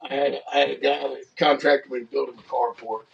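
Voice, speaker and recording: A middle-aged man, a father and podcast co-host, telling a story in a halting, measured way. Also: medium pitch, level tone, creaky, dull audio. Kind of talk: casual storytelling chat. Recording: voice slightly far from mic.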